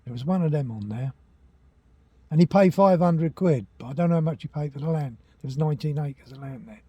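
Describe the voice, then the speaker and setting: An older man tells rambling family yarns from his home, stopping to fix his own facts. His voice sits a touch high but sounds dark and husky. The sound is close and dry. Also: brisk, no echo. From England. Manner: rambling, chatty, self-correcting, laughs at own tales. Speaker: walking vlogger. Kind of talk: casual storytelling to camera. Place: at home, indoors.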